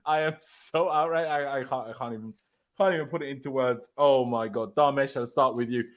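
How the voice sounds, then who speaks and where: A man's voice: mid-range voice, brisk. A man hosting a fan reaction live stream, ranting in outrage.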